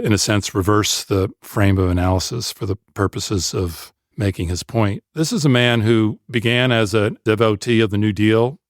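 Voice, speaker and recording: A man co-hosting a podcast, talking in a measured, analytical way. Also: on the low side, no room sound, studio quality. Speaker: podcast co-host. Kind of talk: conversational discussion.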